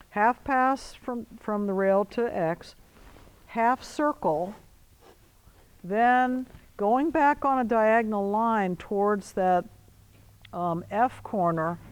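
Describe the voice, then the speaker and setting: A female riding instructor, medium in pitch, calls out crisp commands and words of encouragement to a rider in an arena. The audio is rough.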